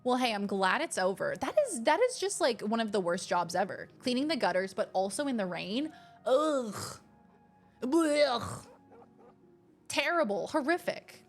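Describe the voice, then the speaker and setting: A woman's voice: medium pitch, sing-song, fairly quick, few pauses, soft background music. A woman streamer chatting casually and thanking viewers in a bubbly, talkative way. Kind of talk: casual live-stream chat.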